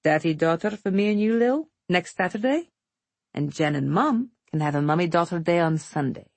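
Woman reading as a chill dad, lowish calm voice, patient with the kids. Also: moderate pace, no room sound. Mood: fatherly. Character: easygoing family dad, gentle but firm.

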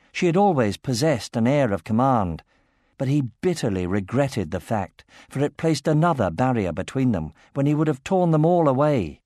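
A man narrating a fantasy novel in a steady, measured reading voice. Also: mid-range voice, dry recording, studio quality.

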